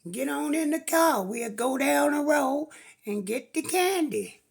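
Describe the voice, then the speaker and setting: A woman's voice: high-pitched, expressive, measured pace, vocal fry, a little mellow, pitched above the performer's own voice, heavily acted. A woman doing a sweet-talking shady man. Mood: coaxing. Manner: coaxing, insistent. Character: shady grown man in a pickup truck, sweet-talking and pushy.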